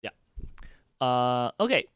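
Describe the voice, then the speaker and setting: A man running a tabletop game as game master on a stream, talking in a relaxed, halting way full of fillers. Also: mid-range voice.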